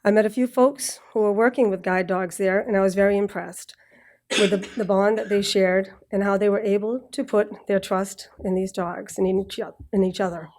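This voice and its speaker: A woman's voice: mid-range voice, steady tone, normal speed. Nervous woman with a Boston accent. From Massachusetts. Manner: nervous, warm, joking asides, throat-clearing. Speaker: graduate speaker. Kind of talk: prepared speech read at a ceremony. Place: ceremony with live audience.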